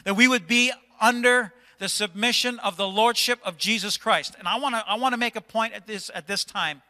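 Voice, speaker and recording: A male pastor delivers a fervent sermon, stern and exhorting, pushing his voice up when he rebukes. His voice sits high and sounds sharply bright and piercing. It rings out with a long reverb through a church sanctuary. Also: moderate pace.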